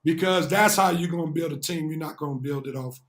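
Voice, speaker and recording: A man's voice: fairly high pitch, brisk, a bit bright. A man co-hosting a sports talk show, explaining his points at length and in earnest. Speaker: co-host.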